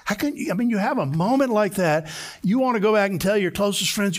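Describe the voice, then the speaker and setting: A man's voice: high voice, animated, normal speed. A male pastor preaching a sermon to a live congregation, telling the story emphatically and acting out the voices of the people in it. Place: church before a live congregation.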